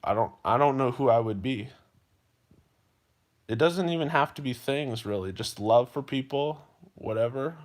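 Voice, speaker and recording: Speaking at a medium pitch and a moderate pace, a man livestreams to his viewers with frequent pauses. He talks earnestly and emotionally, repeating himself and often addressing them as "you guys," in a heartfelt monologue.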